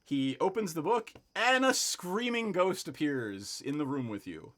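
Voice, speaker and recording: Lively man running a tabletop game. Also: fairly high pitch, a little slow. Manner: hesitant, many fillers and restarts. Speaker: game master.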